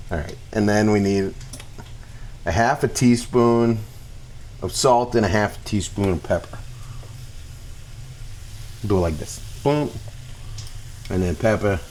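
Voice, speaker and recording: A man in his forties chats his way through a home recipe, his voice bouncing all over the place as he jokes and breaks into shouted sing-song bits. He talks at an unhurried pace, and a pan sizzles faintly behind him in the kitchen. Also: on the low side, lively intonation, a little hiss or hum. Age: 40s. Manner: jokey, talks to himself, bursts into playful sing-song shouts. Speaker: cooking vlogger. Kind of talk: goofy home cooking vlog.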